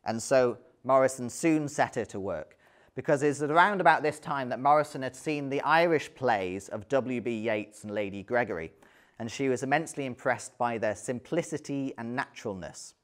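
A man delivers an illustrated history talk in a chatty, unhurried way. He hesitates with ums and adds dry asides as he goes. His voice sits at an ordinary, middle pitch. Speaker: lecturer.

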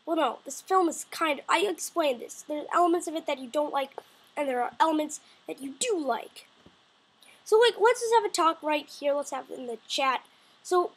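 This is a woman with a notably high voice giving a casual spoiler review straight to her viewers. She talks in an excitable, rambling way, stumbling through restarts and quick self-corrections as her thoughts run ahead of her. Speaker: video reviewer.

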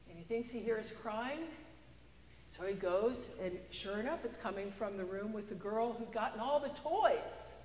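This woman pastor speaks at a medium pitch with a darkish tone, keeping a measured pace and leaving long pauses. Her sermon is conversational and story-driven, complete with a joke, and the church recording carries long reverb and slight background noise.

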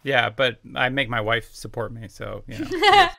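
A man's voice: medium pitch, huge pitch swings, moderate pace, gravelly, sharp tone. An American man co-hosting a comedy podcast, joking in casual chat and laughing often. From United States. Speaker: podcast co-host.

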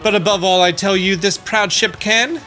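A man putting on a boastful, flamboyant seafaring merchant who talks in a loose mix of foreign accents, all theatrical swagger and self-importance. The voice sits a little high and bright, leaping up in pitch for his grand declarations, with faint game music underneath. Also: steady tone, normal speed. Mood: grandiose. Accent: vague mixed foreign accent. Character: pompous flamboyant male sailor-merchant braggart.

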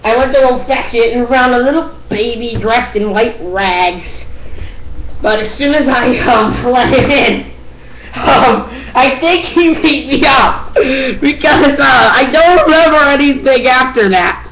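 High playful woman acting out a story. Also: normal speed, a little hiss or hum, low-quality recording. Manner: playful, giggly, breaks into shouts and silly voices. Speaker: performer voicing all the characters. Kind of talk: homemade play-acting of a detective story.

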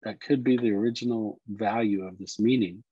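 A man teaching Cherokee words and culture, explaining slowly and repeating each word. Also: fairly low pitch, steady tone, dark tone, slightly rough, no room sound, highs cut off. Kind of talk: explanatory lesson talk.

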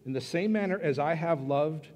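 A man preaching a sermon as pastor, earnest and emphatic, pausing and then rising into bursts of stress. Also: on the high side, a little mellow. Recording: long reverb of a church hall.

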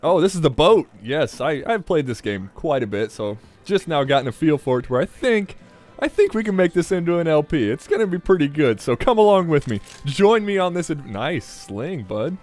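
A man's voice: a little high, sing-song, brisk, darkish tone. A man hosting a let's play, giving casual, jokey gameplay commentary and swearing freely.

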